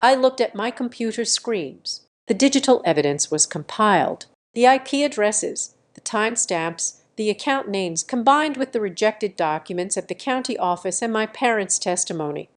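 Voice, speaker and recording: A woman reading a first-person revenge story as scripted narration, in an even, measured way. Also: mid-range voice.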